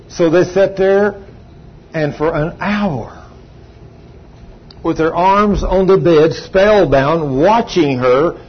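An older man with a drawl preaches, telling his story in a high voice and stretching out the phrases he wants to land. The sound is slightly dull, with a faint hum underneath. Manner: storytelling with emphatic, drawn-out phrases. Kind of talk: sermon testimony.

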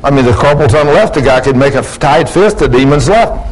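Preaching before a church congregation, this man acts out his stories' dialogue with building emphasis. He has a fairly high, expressive voice with a breathy edge and speaks a little fast. Audio quality is poor.

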